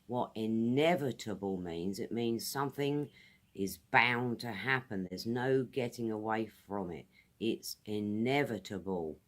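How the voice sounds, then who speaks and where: A British woman giving a casual English vocabulary lesson outdoors, repeating each word carefully for pronunciation. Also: a bass voice. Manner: friendly, repeats words slowly for pronunciation. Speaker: English teacher.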